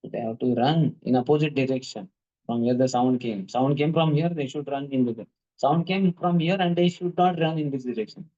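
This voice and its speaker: Man, devotional talk, lively storyteller, mellow voice, muffled lo-fi recording. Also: medium pitch, normal speed. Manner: animated storyteller, repeats words rhythmically, asks the audience questions. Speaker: speaker at a devotional class.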